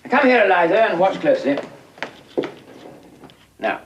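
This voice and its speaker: An actor playing a stern phonetics professor who gives precise, drawn-out elocution instructions, from an old film soundtrack. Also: male voice, sits high, big pitch swings, lo-fi sound. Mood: instructive. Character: stern upper-class male phonetics professor. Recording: old film audio with faint background noise.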